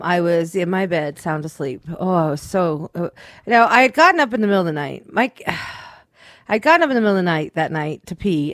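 A woman co-hosting a radio show, telling a weekend story in casual, swearing, animated chat. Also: medium pitch, no room sound, studio quality. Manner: chatty storyteller, swears freely, acts out quotes.

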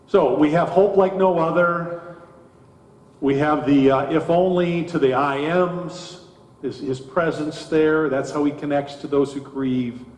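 Male pastor preaching slow in a big echoey church, kinda high voice. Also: fairly even intonation, a little mellow. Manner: slow, deliberate preaching with emphatic rises. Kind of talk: sermon. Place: church sanctuary.

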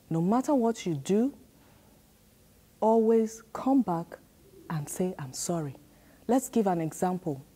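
With a mellow, mid-range voice, a woman leads a children's sermon at church. Her delivery is repetitive and emphatic, full of call-and-response prompts asking the kids to answer and say lines back to her.

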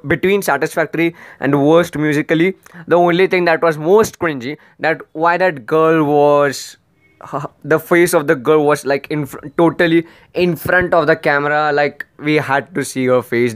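A man's voice: fairly high pitch, clear, resonant tone, dry recording, clean studio sound. A man doing comedic roast commentary on video clips, sarcastic and rambling, often pleading in exasperation.

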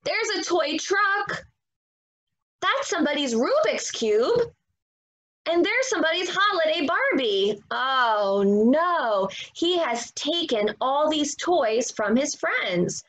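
A woman teacher reading a story aloud to young children, animated and expressive. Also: high-pitched, takes it slowly, poor audio. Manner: animated, expressive, gasping for effect.

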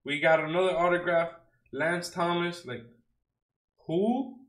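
A man's voice: a little high, steady tone, unhurried, a bit bright, echoey room, poor audio. A young man opening trading card packs on a stream, talking casually in slang and joking with mock outrage at the cards he pulls. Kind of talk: casual unboxing chat.

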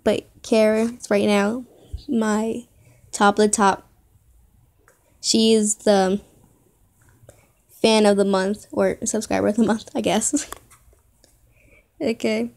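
Tearful young woman vlogger, halting speech. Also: mid-range voice, flat delivery, darkish tone. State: crying. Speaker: youtuber. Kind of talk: reaction video chat.

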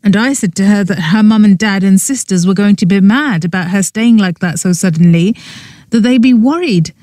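An audiobook narrator voices a grieving young man who speaks bitterly and in shock about his lost girlfriend, sounding upset. The voice is mid-range, a little mellow, and close to everyday speech at normal speed, in studio quality without room sound.

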